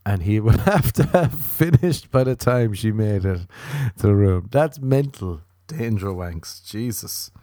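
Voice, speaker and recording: A man's voice: lowish voice, lively intonation, unhurried, mellow, no room sound, studio quality. A man, a comedian hosting a podcast, rambling through a playful, crude, self-mocking monologue. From Ireland.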